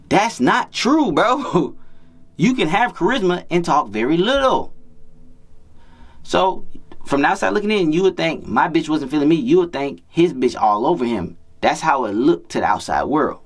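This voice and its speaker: A man working as a dating coach, telling a story in casual, profane street slang and repeating himself often. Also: fairly high pitch.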